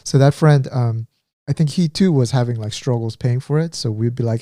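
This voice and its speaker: A man in his thirties rambles through a casual podcast story, full of fillers, restarts and trailing thoughts. His voice is dark and mellow. The sound is close and dry, with no room in it. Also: mid-range voice, fairly quick, no room sound. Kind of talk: casual chat.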